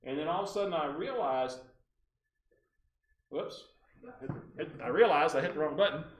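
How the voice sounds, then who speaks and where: A man, giving a training talk to real estate agents as an animated storyteller with frequent asides to the room. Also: fairly high pitch, normal speed, far from the mic, a little hiss or hum. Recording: roomy room, voice off-mic.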